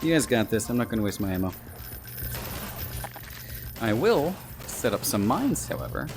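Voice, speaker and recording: A man's voice: mid-range voice, very animated, normal speed, background noise. Chatty man narrating his VR game. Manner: rambling, joking chatter. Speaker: author streaming a VR game. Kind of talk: casual gameplay commentary. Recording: game music behind.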